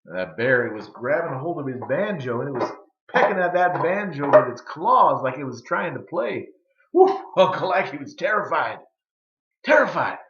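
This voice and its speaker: A man telling a folk tale, drawling and dramatic, with hushed pauses. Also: a little high, very animated. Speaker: storyteller. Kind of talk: folksy storytelling. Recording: roomy, slightly dull recording.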